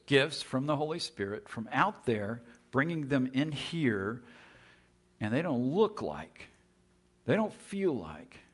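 Husky-voiced preacher delivering a dramatic sermon. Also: male voice, mid-range voice, a bit bright. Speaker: pastor.

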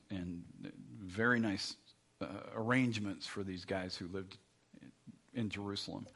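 A man's voice: lowish voice, fairly bright tone, husky. A man preaching a sermon in a conversational way, often restarting his sentences and adding asides. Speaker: pastor.

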